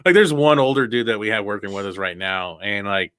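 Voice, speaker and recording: A young man chatting loosely on a stream, rambling from one story to the next and breaking into laughter. His voice is bright and forward, recorded dry and close with no room sound. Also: on the low side, animated, fairly quick, clean tone, no echo. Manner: laughs a lot, rambling, swears freely. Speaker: podcast co-host. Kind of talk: casual chat.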